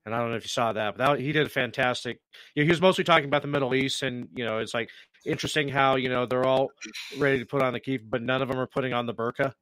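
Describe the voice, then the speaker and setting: A man's voice: medium pitch, fairly even intonation, racing, fairly bright tone, no room sound. A man co-hosting a talk radio show, emphatic and rambling with lots of fillers. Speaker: radio co-host. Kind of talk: political talk radio chat.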